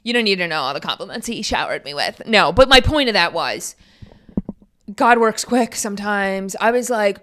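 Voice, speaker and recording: A woman in her twenties hosting a podcast, rambling in casual chat full of fillers, her pitch jumping when she gets excited. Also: moderate pace. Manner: chatty, rambling storyteller with many fillers. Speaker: podcast host.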